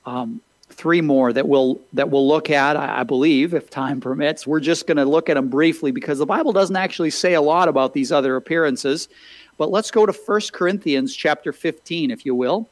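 A man's voice: on the high side, normal speed, no room sound, rough recording. A man pastor preaching a sermon, reading scripture and asking listeners rhetorical questions, with frequent "uh" fillers.

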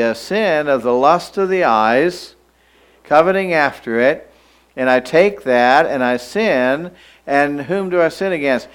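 Emphatic male preacher, smooth voice. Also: a little high, a bit bright, low-quality recording. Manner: emphatic, slows down to stress lines, has the listeners repeat phrases. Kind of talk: sermon.

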